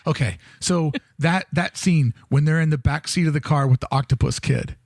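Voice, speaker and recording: Man, podcast co-host, casual chat, jokey, swears, higher voice, dry sound. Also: moderate pace, vocal fry, no room sound. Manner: animated, jokey, swears freely.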